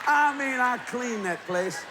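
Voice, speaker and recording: A man preaching, telling a funny story with laughter and bursts of shouting. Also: very high-pitched, unhurried. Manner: animated, laughing while telling, shouting at peaks. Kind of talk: humorous storytelling sermon. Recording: live audience with crowd noise.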